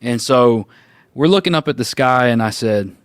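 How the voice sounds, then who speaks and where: A man of middle pitch tells a story in an easy, casual way and acts out the lines of the people in it. The mic is close and the room is dry, with no echo. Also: normal speed, clear, resonant tone. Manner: animated storyteller, acts out quoted voices, laughs often. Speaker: roundtable co-host.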